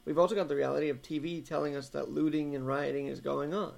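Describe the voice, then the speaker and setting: Male co-host, heavy vocal fry, earnest opinion talk. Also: fairly high pitch, flat delivery, fast talker, a little mellow. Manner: earnest, opinionated, building an argument. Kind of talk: casual political talk show chat.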